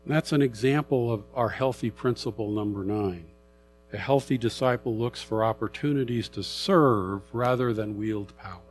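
A middle-aged man preaching a sermon, conversational and animated as he reads and explains scripture. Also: mid-range voice, moderate pace, slight background noise. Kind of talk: sermon Bible teaching.

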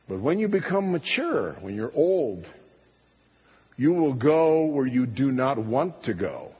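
A man preaching a sermon, pastor-style, emphatic and full of rhetorical questions, his pitch jumping up on key points. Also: big pitch swings, slow, long pauses, slightly rough. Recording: dull recording in a reverberant hall.

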